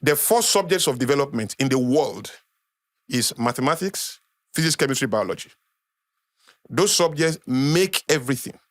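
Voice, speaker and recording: A man's voice: medium pitch, expressive, moderate pace, dry recording. Emphatic Nigerian man, dry studio sound. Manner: emphatic, repeats phrases for effect, lecturing. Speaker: guest speaker. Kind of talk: passionate podcast talk.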